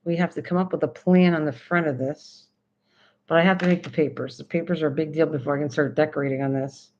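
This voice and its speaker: A woman's voice: sits low, steady tone, quick pace, a little mellow, slight background noise. An older woman hosting a crafting livestream, chatting casually and laughing as she talks to her cat and viewers. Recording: dull lo-fi sound.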